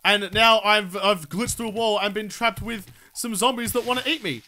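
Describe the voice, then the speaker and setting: A gaming video creator delivers let's play commentary in a high-pitched, sharp voice that stays steady at a moderate pace, with a little hiss or hum in the background. He swears constantly, rants in exasperation, and talks back to the game's enemies.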